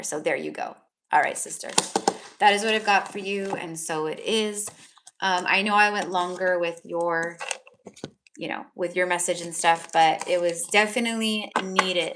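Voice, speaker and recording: A woman's voice: lowish voice, noisy background. A woman giving live psychic tarot readings, talking in a soothing, affectionate way with lots of fillers. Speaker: tarot reader.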